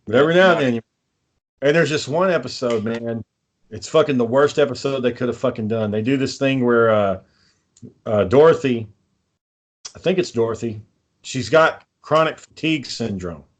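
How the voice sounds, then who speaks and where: Speaking at a normal speed in a mid-range voice, a man co-hosting a relaxed podcast tells wandering stories loaded with swearing.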